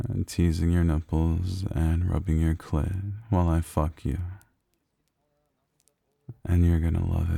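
A man performing an intimate audio role-play in a low, close, murmured delivery, speaking near the microphone. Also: creaky, mellow, no echo. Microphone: close microphone, speaking near the ear.

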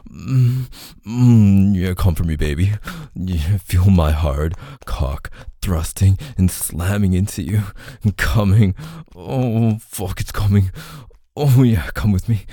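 A man speaking in an intimate audio role-play, low and murmuring, breathy with soft moans, close to the mic. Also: dry recording.

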